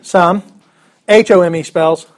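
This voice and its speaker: A man's voice: high-pitched, steady tone, measured pace. A man teaching a Bible class in a casual, joking way, chuckling often and restarting his sentences.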